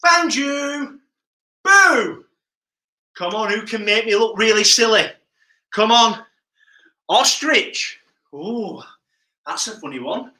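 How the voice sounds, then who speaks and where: A man leading a live online PE lesson for children, energetic and playful, calling out instructions. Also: high-pitched, a little slow, long pauses. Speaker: PE coach. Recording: roomy echo.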